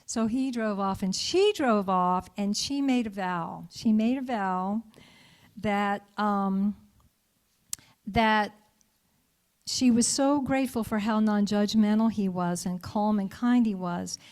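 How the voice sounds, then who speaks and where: A woman's voice: mid-range voice, slow, darkish tone. A middle-aged woman minister giving a conversational sermon, telling a story and asking her congregation for their thoughts. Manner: storytelling, interacts with congregation, frequent laughter. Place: church sanctuary.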